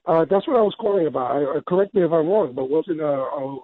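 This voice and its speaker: A man's voice: on the high side, expressive, fast talker, breathy edge, no echo. A man calling into a radio show, rambling hesitantly with many fillers. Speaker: caller. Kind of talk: phone-in call. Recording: tinny phone line.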